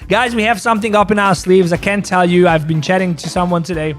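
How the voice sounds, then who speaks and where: A man's voice: sits high, fairly even intonation, fast talker, faint music behind. A man hosting a casual trading livestream, joking, laughing, and often repeating his phrases while he talks through market analysis. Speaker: crypto trading stream host.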